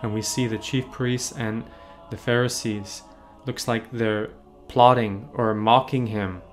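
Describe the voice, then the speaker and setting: A man, a priest, leading a catechism meditation on a painting, gently asking the listener questions and answering them. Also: mid-range voice, steady tone, slow, faint music behind.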